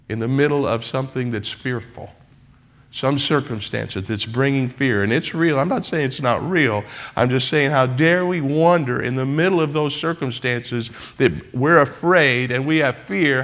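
A man's voice: medium pitch, a bit bright. A man preaching a sermon in church, building repeated refrains that rise into emphatic passages. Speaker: pastor.

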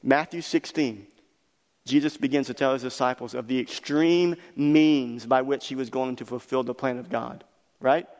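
A man's voice: medium pitch, normal speed. Passionate male preacher in a reverberant hall. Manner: emphatic, building to loud passionate peaks. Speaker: pastor. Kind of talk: sermon.

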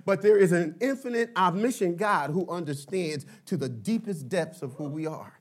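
A man in his fifties preaching a sermon, building to emphatic shouted bursts and dropping into playful asides. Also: high voice, lively intonation, moderate pace. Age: 50s. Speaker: pastor.

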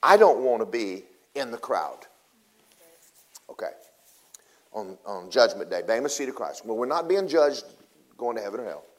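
A man preaching in a relaxed, folksy storytelling way. His delivery is animated, jumping from loud, high bursts down to near-whispers. He talks to the congregation like they're friends. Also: normal speed, pauses often. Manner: animated, swings from loud to hushed; casual, folksy phrasing. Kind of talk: storytelling sermon.

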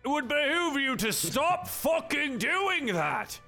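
A man's voice: very high-pitched, sing-song, slow pace, pushed and bright, faint music behind, voice pushed up, heavily acted. A man voicing a large male fiend in a tabletop game, talking with fussy, indignant politeness. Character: large male fiend, pompous and easily stung.

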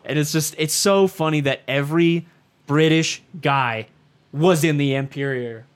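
A man's voice: on the high side, measured pace, smooth. A man co-hosting a casual podcast, talking enthusiastically about movie news and rambling with restarts. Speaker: podcast co-host. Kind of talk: casual chat.

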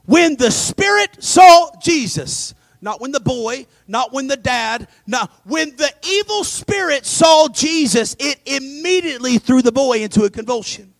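A male pastor preaching a dramatic sermon, swinging between loud emphasis and hushed asides. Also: very high-pitched, expressive, measured pace, hardly any pauses, no room sound. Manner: acts out scripture voices.

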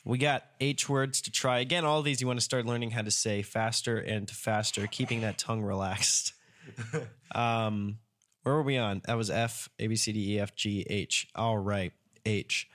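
A man's voice: fairly low pitch, fairly even intonation, normal speed, fairly bright tone. A man coaching tongue twisters. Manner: coaching, reads tongue twisters aloud and prompts his partner. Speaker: podcast co-host leading the exercises. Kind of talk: casual podcast chat.

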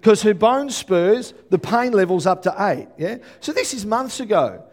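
An Australian man preaching a sermon as pastor, telling stories with lively energy and often checking in with the congregation. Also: high voice, a little slow. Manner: animated storytelling with frequent "yeah?" check-ins to the congregation.

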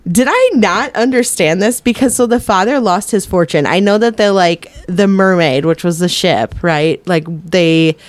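A woman's voice: medium pitch, normal speed, few pauses, no echo. A young woman co-hosting a podcast, chatting casually and giggling as she reviews a movie. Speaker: podcast co-host.

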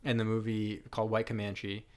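A man co-hosting a casual movie podcast, rambling and animated, laughing often as he talks. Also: fairly low pitch, normal speed. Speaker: podcast co-host. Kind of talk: casual chat about bad movies.

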